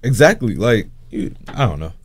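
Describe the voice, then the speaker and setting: A man's voice: on the low side, sing-song, moderate pace, breathy edge. A man in his twenties, a rapper speaking as a guest in a casual interview, laid-back and rambling with lots of fillers. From United States. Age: 20s.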